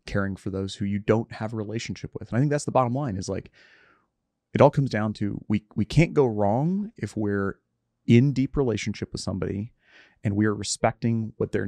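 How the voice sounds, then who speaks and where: A man's voice: lowish voice, creaky, a little mellow, no room sound. A middle-aged man in reflective conversation, earnest and self-searching, often trailing off and restarting his sentences.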